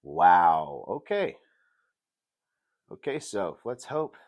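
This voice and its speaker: Hosting a casual review show, a man speaks very slowly in a very low voice whose pitch swoops widely. He's jokey and animated, lurching from loud outbursts to quiet mutters as he comments.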